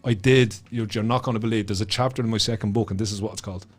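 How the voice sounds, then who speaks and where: A man's voice: fairly low pitch, fairly even intonation, very fast, soft background music. An Irish man in his middle years, a guest on a chat podcast, telling his story with passion, swearing freely and repeating words as his feelings rise.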